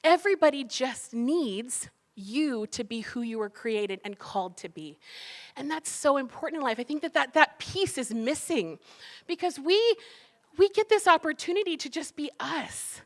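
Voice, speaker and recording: A woman's voice: sits high, expressive, moderate pace, a bit bright. A woman giving a motivational talk, telling her story animatedly and acting out the dialogue with laughs. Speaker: cookbook author and speaker.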